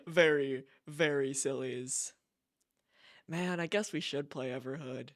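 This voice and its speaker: A man's voice: a little high, lively intonation, slow pace, fairly bright tone, no room sound, clean studio sound. A man streaming, chatting casually and giggling, often repeating himself and restarting as he talks. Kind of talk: casual chat.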